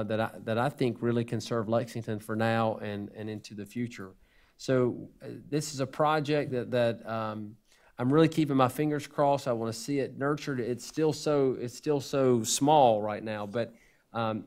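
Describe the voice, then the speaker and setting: A man's voice: mid-range voice, a little mellow. A man giving an unscripted report to a school board, earnest and hesitant, often restarting his sentences.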